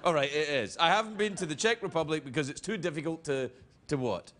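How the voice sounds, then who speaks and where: Playful Scottish late-night host. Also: male voice, on the high side, fast, fairly bright tone. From Scotland. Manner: playful, laughing often. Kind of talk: comedic banter, reading viewer mail. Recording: noisy TV studio recording.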